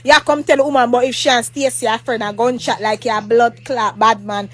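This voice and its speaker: A woman's voice: a little high, fairly even intonation, brisk, fairly bright tone. A woman with a Jamaican accent telling a rambling, heated storytime rant, repeating herself, swearing often and breaking into mock prayer. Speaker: vlogger. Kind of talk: ranting storytime monologue.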